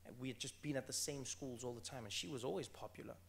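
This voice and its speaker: A man in his thirties from South Africa, a guest in an interview, telling personal stories with animated energy and frequent restarts. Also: medium pitch, quick pace, gravelly, a little hiss or hum. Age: 30s. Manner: animated, repeats words when restarting, laughs while telling stories. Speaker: author and comedian guest. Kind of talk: conversational interview storytelling.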